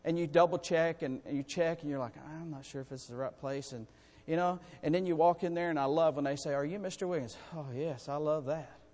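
A man preaching a sermon to his congregation, in a folksy, animated way with calls for amens. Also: on the high side, fast talker, few pauses. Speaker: pastor. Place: church sanctuary. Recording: long reverb in a church hall.

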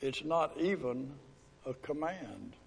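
A man preaching a sermon as pastor, pleading and emphatic, drawing out scripture verses slowly. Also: on the high side, animated, gravelly, slight background noise. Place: church sanctuary. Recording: echoey hall with long reverb.

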